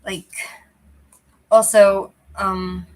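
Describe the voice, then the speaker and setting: A woman's voice: mid-range voice, little pitch movement, drawn-out words, rough recording. A woman hosting a casual livestream chat, rambling and restarting as she talks to viewers through a cheap, lousy microphone. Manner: rambling, loose and chatty, often restarting. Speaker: channel host chatting with viewers.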